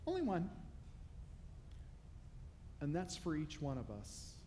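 Brief: man preaching in a church, slightly high voice, humorous and conversational, rhetorical questions. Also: huge pitch swings, slow, mellow, a little hiss or hum. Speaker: pastor. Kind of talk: sermon. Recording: long reverb of a large hall.

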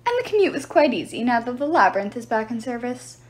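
A woman reading aloud voices a calm, composed man who answers curtly in a storybook. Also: on the high side, fast talker. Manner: curt, composed. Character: grown man, calm, clipped and in control.

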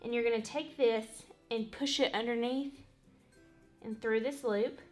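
Woman, casual craft tutorial, rambling, soft background music. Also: fairly high pitch, fairly even intonation, unhurried. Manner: chatty, rambling, says "y'all" and "literally". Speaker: craft vlogger. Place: home, working on a wall hanging.

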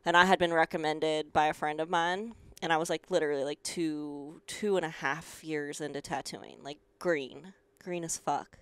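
A young woman from rural Colorado with a country twang, telling stories as an interview guest in an animated, sarcastic way, swearing freely and acting out the people she quotes. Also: low voice, moderate pace, few pauses, clean tone, no room sound. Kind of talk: casual interview storytelling.

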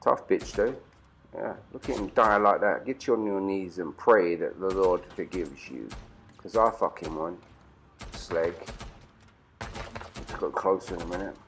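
Rowdy, foul-mouthed British gamer. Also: male voice, low-pitched, a little slow, long pauses, slight background noise. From Britain. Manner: profane, rowdy trash talk. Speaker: gaming channel host. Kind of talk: let's play commentary.

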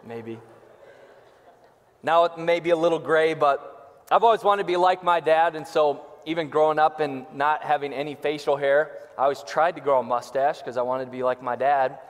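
A young male pastor delivers a casual, joking sermon in a church sanctuary. His voice is slightly hoarse from a recent illness. The sound carries a long church-hall reverb. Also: a little high, normal speed. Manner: joking, self-deprecating.

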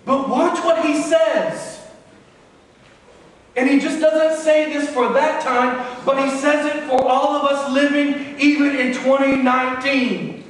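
A man's voice: very high-pitched, steady tone, takes it slowly. A man preaching a sermon as pastor, reading scripture aloud and explaining it to the congregation. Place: church sanctuary. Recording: echoey church hall from far off.

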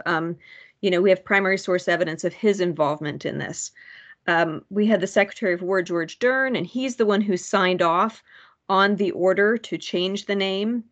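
A woman presenting research at a public commission meeting, halting, with many fillers and restarts. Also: mid-range voice, dull audio.

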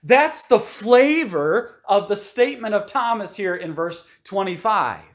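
Man, high voice, pastor delivering an emphatic, explanatory sermon. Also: animated, unhurried.

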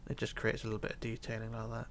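A tired man narrating a building tutorial, counting quietly under his breath as he works. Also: lowish voice, racing, a little hiss or hum. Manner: relaxed, counting blocks under his breath, drops to near whisper. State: tired, yawning. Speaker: tutorial host. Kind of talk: casual game tutorial narration.

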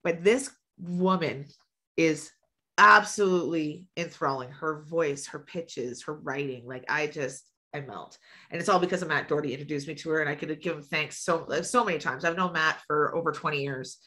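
A woman's voice: low-pitched, moderate pace, pushed and bright. A woman who books music acts, chatting casually as a podcast guest, blunt and swearing freely. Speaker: guest, music promoter and booking agent.

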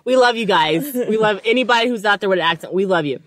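A woman co-hosts a podcast, chatting casually and telling stories. She throws in quick asides and laughs easily, in a mid-range voice. The recording is dry and close. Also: medium pitch, animated, no echo. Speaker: podcast co-host. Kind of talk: casual chat.

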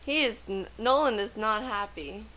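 A woman giving chatty, excitable commentary while playing a life-simulation game. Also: mid-range voice, normal speed, low-quality recording. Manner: chatty, excitable, gasps and laughs often. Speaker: let's play gamer. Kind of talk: casual gameplay commentary.

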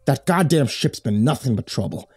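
A man voicing a rough-spoken adult fisherman and town councilor who talks urgently. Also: medium pitch, expressive, normal speed, darkish tone, soft background music, voice pushed up.

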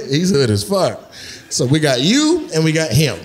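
A man's voice: a little high, huge pitch swings, unhurried, very noisy. A man doing live stand-up crowd work in a comedy club, teasing audience members with brash, profane banter. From United States. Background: audience laughter.

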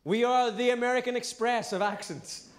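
Brash Northern Irish comic, high voice. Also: male voice, moderate pace. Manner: brash, cheeky storytelling with swearing. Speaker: stand-up comedian. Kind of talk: live stand-up routine. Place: theatre stage.

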